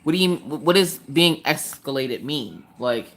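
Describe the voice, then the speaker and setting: Lady streamer chatting to her viewers about crafts, bright sharp voice, ranty, lots of "what does that even mean". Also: very deep voice, a little slow. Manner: chatty, exasperated rants, rhetorical questions. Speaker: craft livestream host. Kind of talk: casual chat with live viewers. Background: chewing ice between sentences.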